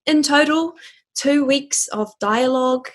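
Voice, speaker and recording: In a relaxed interview, a young New Zealand voice actor and singer tells her story in a chatty, bubbly way, laughing frequently. Her voice is high-pitched, and she speaks at a measured pace.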